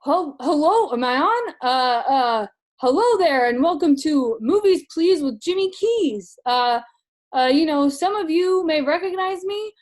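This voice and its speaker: A woman's voice: high voice, expressive. A woman doing a jittery, stammering dad reviewer. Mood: nervous. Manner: halting, stammering, full of nervous fillers. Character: nervous rambling middle-aged dad movie reviewer. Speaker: sketch comedy character. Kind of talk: comic sketch monologue.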